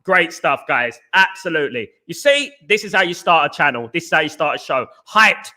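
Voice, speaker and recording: High bright-voiced English man hosting. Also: brisk, few pauses. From England. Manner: animated, repeats phrases, greets chat viewers. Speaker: host. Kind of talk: live-stream football chat.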